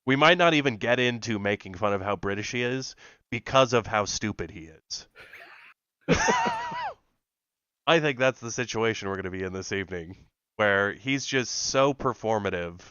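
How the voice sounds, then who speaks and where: A man co-hosting a podcast talks in a lively, sarcastic, profane way and laughs often. His low voice is bright and smooth. The sound is dry and a little dull. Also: normal speed, long pauses, no echo. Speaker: podcast co-host. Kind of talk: casual reaction chat.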